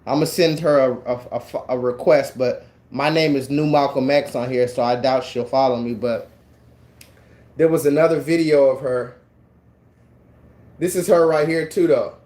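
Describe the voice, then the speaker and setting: A man hosting a livestream, talking casually in an animated, mocking and then preachy way. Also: mid-range voice, normal speed. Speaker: livestream host.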